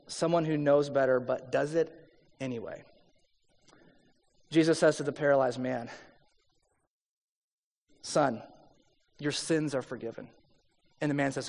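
A male pastor delivers a sermon in a light, high voice, talking to the room as if to friends. He leans hard on key words, then drops to a near hush. His words ring out with long reverb, as if he stands in a large church hall. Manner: conversational, emphatic preaching with sudden drops to quiet.

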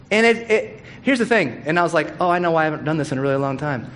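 A man's voice: a little high, lively intonation, fast talker, hardly any pauses, a bit bright, a little hiss or hum. A man preaching a sermon as pastor, candid and conversational, with humorous asides. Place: church hall.

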